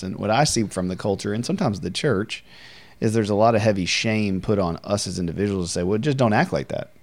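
Very deep-voiced man, earnest host. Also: creaky, darkish tone. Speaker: podcast host. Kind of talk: casual faith conversation.

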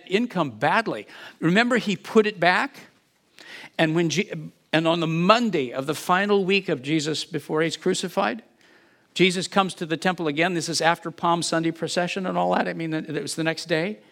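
A man's voice: sits high, normal speed, a bit bright. A man preaching an expository Bible sermon, acting out the quoted lines and asking rhetorical questions.

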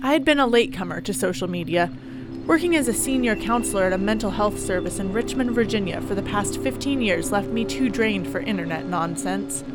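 A woman's voice: mid-range voice, brisk, natural voice. Woman reading as a tired middle-aged male counselor, sardonic, first-person horror story narration, music behind.

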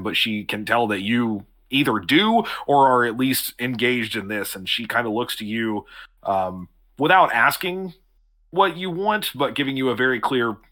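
A man narrating as game master of a tabletop role-playing game over a video call, unhurried, with frequent fillers and restarts. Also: fairly low pitch, pushed and bright.

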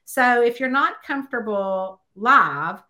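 Bright, chatty woman author. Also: expressive, slow. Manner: chatty storyteller, acts out dialogue with high exclamations. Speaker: guest author. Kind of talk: casual podcast interview.

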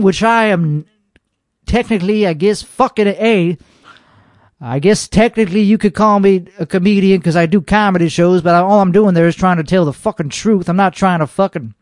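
A young man vents on his podcast in a high, reedy voice. He is boastful and irritable, and he swears in almost every sentence. The sound is dry and close, with no room around it. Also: dry recording. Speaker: podcast host reacting to a show. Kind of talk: profane comedic rant.

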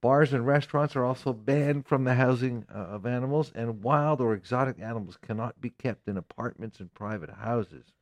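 A man co-hosting a live radio talk show who reads news items in a steady, informative way. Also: medium pitch, moderate pace, few pauses.

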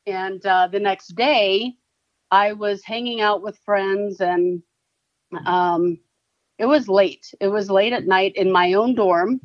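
Woman interview guest, halting and earnest, muffled close-up sound. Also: mid-range voice, dry recording. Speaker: guest, advocacy founder. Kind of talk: personal testimony in interview.

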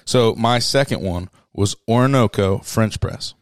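A man's voice: fairly low pitch, unhurried, no room sound, studio quality. A man co-hosting a podcast, chatting casually and teasing, laughing often while reviewing coffees. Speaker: podcast co-host.

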